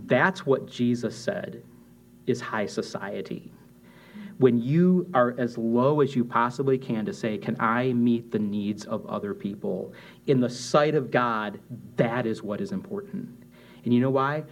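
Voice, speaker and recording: A man's voice: mid-range voice, normal speed. A man preaching as pastor, in a conversational sermon style, acting out quotes with restarts and asides.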